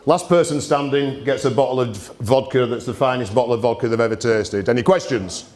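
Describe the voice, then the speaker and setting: A man's voice: mid-range voice, a little fast, darkish tone, a little hiss or hum. A man hosting a live gin tasting event, talking bluntly to the audience with cheeky banter. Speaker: gin distillery host. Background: audience murmur and laughter.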